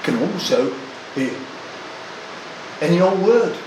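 Slow, lively older male preacher. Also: high-pitched, reverberant, a little hiss or hum, low-quality recording. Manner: deliberate, emphatic, stresses single words. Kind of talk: sermon.

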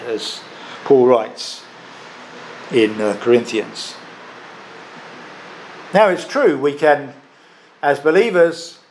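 A man preaching a sermon, emphatic, stressing and repeating key phrases with pauses. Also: mid-range voice, a little mellow, slight background noise.

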